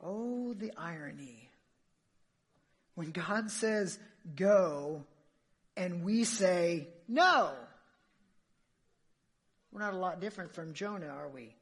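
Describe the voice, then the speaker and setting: A woman's voice: fairly low pitch, unhurried, husky. A woman preacher giving an emphatic sermon, full of rhetorical questions to her listeners.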